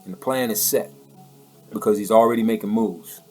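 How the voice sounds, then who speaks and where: A man's voice: on the low side, normal speed, dark tone, soft background music. A man giving a heated, preachy political monologue in a colloquial way, often repeating words as he pushes his point. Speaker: political commentator. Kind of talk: impassioned monologue.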